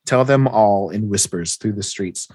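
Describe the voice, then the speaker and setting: A cold, imposing male crime boss, as a man puts him on in a comic recap, speaking low and measured. The voice is deep, slightly husky and very dry, with nothing of the room around it. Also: darkish tone, no room sound. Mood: grave.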